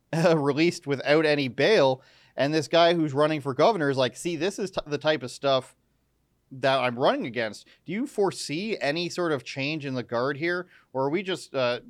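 A man hosting a casual talk show, asking questions with quick joking asides. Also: mid-range voice, clean tone, no room sound, studio quality. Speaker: podcast host.

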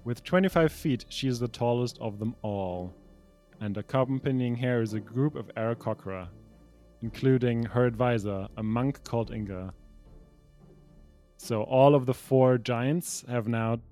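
A man's voice: mid-range voice, unhurried, mellow, soft background music. A young adult man as game master, reading pre-written narration for a tabletop game with small slips and restarts.

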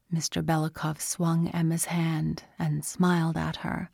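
Woman audiobook narrator, slow, gravelly, low voice, dry close sound. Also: monotone, a little mellow, no echo. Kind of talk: scripted narration.

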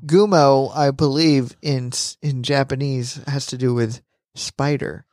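A man's voice: medium pitch, no room sound, clean studio sound. Playful man recapping an anime. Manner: animated, acts out characters in quick bits, laughs often. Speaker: podcast co-host. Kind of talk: casual anime recap chat.

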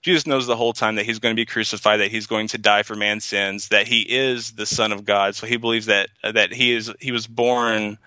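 A man talks through a casual podcast discussion in a bright, crisp voice. He rambles, starts over and leans on fillers, and the sound is slightly dull and lo-fi, close and dry. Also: on the low side, no room sound. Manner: rambling, lots of fillers and restarts. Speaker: podcast co-host.

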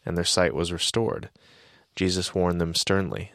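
A man co-hosting a podcast, reading Bible passages aloud in a steady, plain way. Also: low voice, unhurried, dry recording, clean studio sound. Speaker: podcast co-host.

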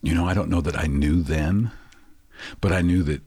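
A man's voice: low voice, moderate pace, darkish tone, slightly rough, no echo. A man in his sixties, a guest in an interview, telling reflective personal stories in a casual, anecdotal way.

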